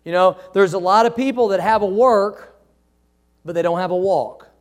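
Male pastor, high voice, sermon delivery with call-and-response and quiet, slowed emphasis. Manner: preaching with call-and-response questions to the congregation; reads scripture aloud, drops to soft, slow phrases for emphasis.

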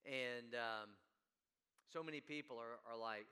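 A man preaching a sermon, telling a story and swinging from hushed asides to loud, emphatic preaching. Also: mid-range voice, a little slow, clear, resonant tone. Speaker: pastor.

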